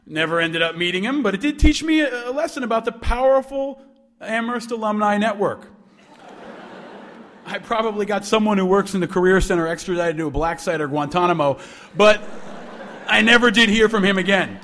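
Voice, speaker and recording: High-voiced man telling stories in a speech. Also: fairly quick, a bit bright. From New York. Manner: storytelling, playful, acting out both sides of a phone call. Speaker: alumnus speaker. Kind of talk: speech to students.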